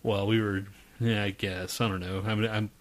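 A man's voice: on the low side, little pitch movement, normal speed. A man co-hosting a podcast, chatting in a crude, profane and irritable way. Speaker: podcast co-host. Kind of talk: crude casual banter.

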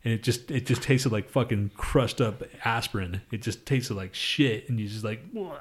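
A young man with a lowish voice and moderate pace co-hosts a podcast. In casual chat he tells loose, profane stories and laughs often.

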